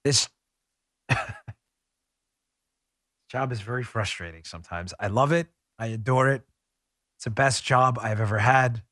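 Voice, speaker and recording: A man's voice: mid-range voice, unhurried, pauses often, fairly bright tone, no room sound, clean studio sound. An American man hosting a political podcast, talking sarcastically and laughing often as he mocks. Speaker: podcast host. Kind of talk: political commentary.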